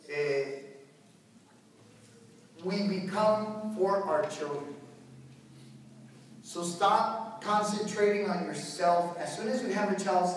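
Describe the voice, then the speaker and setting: Male priest, lively joking delivery; high voice, heard distant in a booming church. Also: heavy reverb, a little hiss or hum. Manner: animated and joking, acts out parents and children. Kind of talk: parish talk to families.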